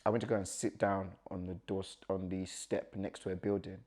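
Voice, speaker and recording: Young man, lowish voice, guest recounting his story with lively, acted-out dialogue. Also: a little fast. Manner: animated, acts out quoted dialogue, nervous laughs. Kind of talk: personal storytelling.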